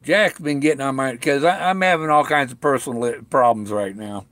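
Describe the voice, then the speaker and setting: A man's voice: mid-range voice, a bit bright, no room sound. Middle aged guy rambling on a home stream, sore mouth, keeps restarting, dry close sound. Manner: halting, full of restarts and trailing off. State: sore mouth after tooth extractions. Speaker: vlogger talking to live viewers. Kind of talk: rambling casual livestream chat. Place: at home, indoors.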